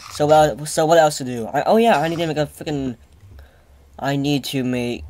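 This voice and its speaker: A man giving let's play commentary, stammering and repeating himself as he gets excitable. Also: a little high, moderate pace. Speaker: gaming channel host.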